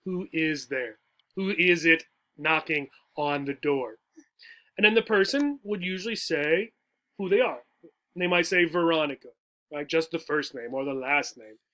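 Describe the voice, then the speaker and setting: High, bright-voiced male teacher. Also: unhurried. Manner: patient, explanatory, keeps checking in with "right?". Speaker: adult education teacher. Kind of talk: explaining jokes to English learners.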